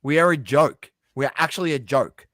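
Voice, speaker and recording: A man's voice: mid-range voice, a little fast, fairly bright tone, no echo. Blunt Australian man, dry close sound. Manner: blunt, swears freely, repeats himself for emphasis. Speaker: podcast co-host. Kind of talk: casual sports chat.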